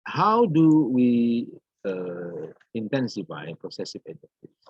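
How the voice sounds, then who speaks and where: A man teaching an English grammar lesson in a halting way, repeating and restarting his phrases. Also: medium pitch, sing-song, husky, dry recording. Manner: halting and repetitive, restarts phrases, many fillers. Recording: dull lo-fi dry recording.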